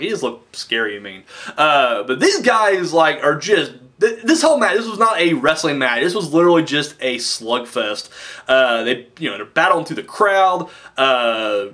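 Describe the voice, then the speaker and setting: Brief: young man, animated bright voice, rambling excitable recap. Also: a little high. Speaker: wrestling show reviewer. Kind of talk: casual recap chat.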